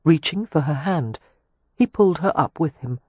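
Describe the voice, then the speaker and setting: Breathy man narrating a romance audiobook. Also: a little high, lively intonation, moderate pace, a little mellow, no echo, muffled recording. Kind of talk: scripted narration.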